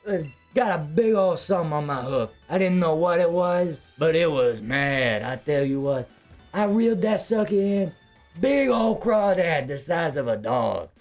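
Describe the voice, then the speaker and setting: A man's voice: on the high side, big pitch swings, unhurried, a little mellow, soft background music, voice pushed up. A man voicing a boastful male bayou fisherman druid, telling a tale in a folksy drawl. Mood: boastful storytelling.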